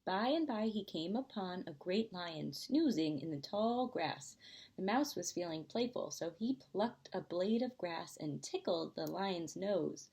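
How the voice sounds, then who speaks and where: A woman, a preschool teacher, reading a picture book aloud in a gentle storytime voice. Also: on the low side, expressive, measured pace, vocal fry.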